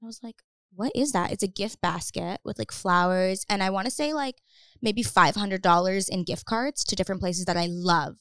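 A young woman guest telling a story in casual chat, talking quickly with lots of fillers and acting out what people said. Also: medium pitch, fairly bright tone, clean tone, dry recording, studio quality. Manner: fast, lots of "like", acts out quotes.

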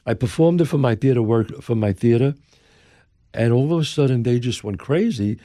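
A man's voice: medium pitch, moderate pace, no echo, studio quality. An older man from the Bronx with a New York accent, telling a story as an interview guest and acting out the people he quotes. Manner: lively, emphatic storyteller who acts out the people he quotes. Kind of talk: animated storytelling.

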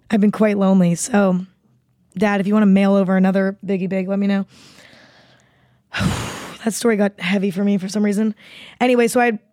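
A woman's voice: medium pitch, a little mellow, no echo. Rambling young woman podcast host, dry. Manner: rambling, swears freely. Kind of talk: casual chat.

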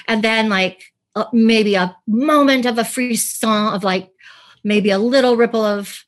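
A woman's voice: on the high side, a little slow. A woman who is an actress and podcast guest, telling stories animatedly in a casual interview, laughing and acting out quotes.

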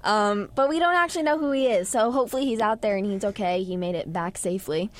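A woman's voice: medium pitch, fast. A young actress chatting casually in an interview, giggling often and filling her talk with "like" and "um". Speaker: actress guest.

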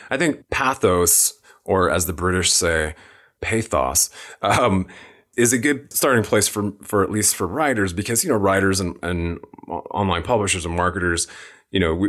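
A man hosting a podcast interview, talking casually and reading definitions aloud as he thinks out loud. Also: sits low. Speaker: podcast host.

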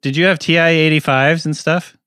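A man's voice: a little high, fairly even intonation, fairly quick, bright, forceful tone, clean tone, no room sound, studio quality. A man in his forties co-hosting a podcast in casual chat, rambling and joking with lots of fillers. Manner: rambling, jokey, trailing off with fillers. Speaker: podcast co-host.

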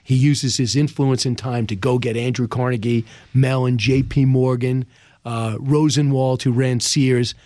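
Animated man telling a story, dry sound. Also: medium pitch, a little slow, no room sound. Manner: energetic, acts out quoted speech in the story. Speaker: author guest. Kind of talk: animated storytelling in a podcast interview.

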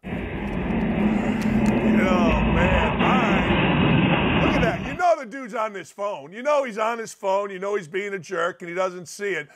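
A middle-aged man hosts a sports talk show with a high, reedy voice. He rambles and jokes, jumping between loud outbursts and low muttered asides. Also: fairly quick, slight background noise. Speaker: sports radio host. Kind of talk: energetic sports talk monologue.

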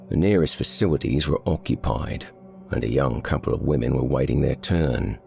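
Male narrator, extremely deep and rough, wry first-person noir reading. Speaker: audiobook narrator.

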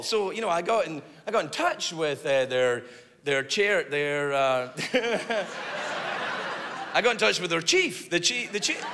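A man doing a stand-up comedy set, rambling and animated, swearing freely and shouting his punchlines. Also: high-pitched, moderate pace. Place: theater stage before a large audience. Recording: live theater hall with loud crowd. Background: audience laughter and applause.

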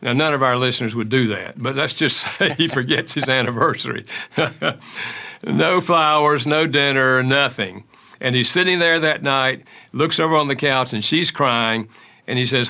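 A man's voice: medium pitch, normal speed, vocal fry, bright, forceful tone. An older man, an author and counselor, answering interview questions with anecdotes and acted-out quotes. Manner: acts out quoted dialogue in stories.

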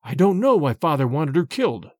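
A man voicing an uneasy young son who speaks in a hushed way. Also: fairly high pitch, very animated, brisk, dry recording, studio quality. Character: young son, shaken and quiet.

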